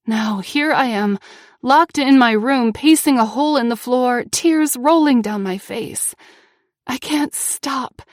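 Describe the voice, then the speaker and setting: A young woman reading first-person audiobook narration with feeling, moving between tense passages and hushed ones. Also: fairly high pitch, no room sound, studio quality.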